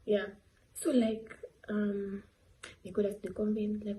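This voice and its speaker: A woman's voice: medium pitch, level tone, slow, warm tone, slight background noise, poor audio. A teenage girl vlogging, telling a rambling story full of fillers and giggly asides. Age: late teens. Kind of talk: casual storytelling vlog.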